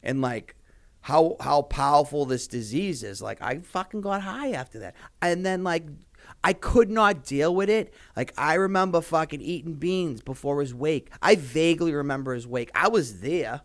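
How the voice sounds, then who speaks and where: A man's voice: on the high side, animated, normal speed, a bit bright. Rambling, swearing man. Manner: rambling, heavy swearing, many fillers. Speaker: podcast guest. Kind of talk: casual interview talk.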